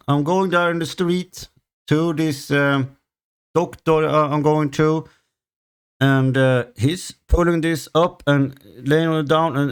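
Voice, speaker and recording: Slow-talking frustrated Swedish man. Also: fairly high pitch, smooth. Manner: halting, heavy swearing, many fillers. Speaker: channel host. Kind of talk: ranting solo podcast. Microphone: home recording setup.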